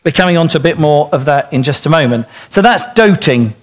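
A middle-aged man giving an informal sermon to dads, telling stories in an animated way and acting out the quotes. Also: fairly high pitch, fairly quick. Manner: animated storytelling, acts out quotes. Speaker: speaker at a church talk for dads.

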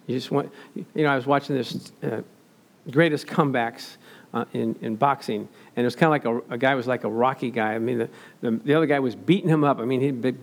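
An older man preaching a sermon in a conversational way, telling everyday stories and acting out what people said. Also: mid-range voice. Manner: conversational storytelling, acts out quotes.

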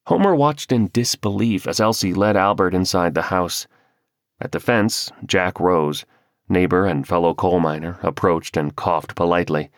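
A deep-voiced man narrates a scripted audiobook at normal speed. The studio recording is clean, with no room sound.

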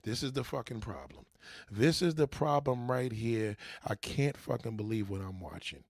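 Male reaction commentator with a gravelly voice, mocking and profane, recorded dry. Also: mid-range voice, moderate pace, darkish tone, no room sound. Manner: mocking, heckling, swears heavily. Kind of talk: profane rant over a played interview.

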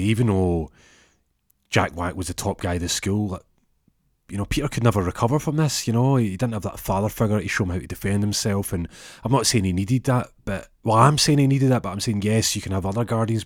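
A man's voice: lowish voice, no echo, studio quality. A man telling a comic story in a casual, rambling way with lots of restarts.

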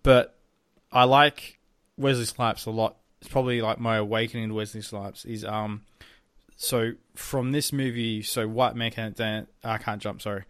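A man's voice: fairly low pitch, fairly even intonation, normal speed, fairly bright tone, smooth, no room sound. A young man co-hosting a podcast in casual chat, rambling with many ums and some swearing. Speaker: podcast co-host.

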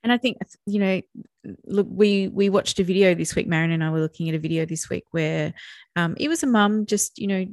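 A woman's voice: on the low side, a little fast, no echo. A woman co-hosting a podcast, talking in a loose, easygoing way. She laughs often and slips into acting out what others say. The sound is close and dry, with no room around her. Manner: animated, acts out quoted speech, laughs often. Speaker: podcast co-host. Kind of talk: casual conversational podcast.

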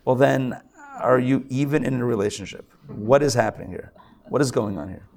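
A man who is a rabbi, giving a lively live sermon to a congregation, joking and acting out mock quotes in between his points. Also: mid-range voice, moderate pace, gravelly. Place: synagogue hall.

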